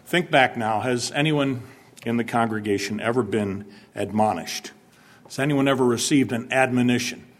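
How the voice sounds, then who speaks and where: A male pastor delivers a sermon to his congregation at an ordinary pitch, neither high nor low. He leans on key words with emphasis and breaks off to put questions to the listeners, sometimes acting out a stern warning.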